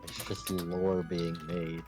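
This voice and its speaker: A man in a casual gaming chat, speaking with dry, deadpan quips. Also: deep voice, slow pace, over loud music, low-quality recording. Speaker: friend on game server.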